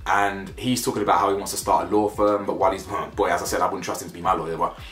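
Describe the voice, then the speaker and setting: A man with a low-pitched, steady, fairly bright voice talks very fast while casually reviewing a reality show. He's blunt and slangy, repeats himself for emphasis, and is recorded in an echoey room with faint background music.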